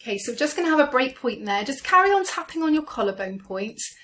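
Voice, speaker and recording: A woman coaching a guided EFT tapping session, speaking slowly and gently as she names each tapping point. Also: high-pitched, very animated. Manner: slow, gentle, soothing guidance.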